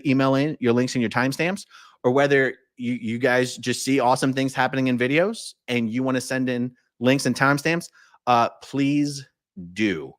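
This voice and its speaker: With a mid-range voice, a fill-in American host relaxes into his livestream, reading comments from viewers aloud. He speaks conversationally and uses lots of fillers; the sound is clean, studio-grade, and echo-free.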